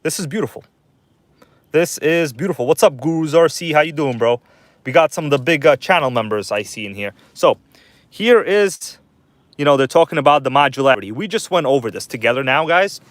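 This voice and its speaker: Speaking a little fast in an animated, mid-range voice, this man runs a casual nighttime livestream from his parked car. The phone recording has no echo, and he chats loosely while greeting viewers by name.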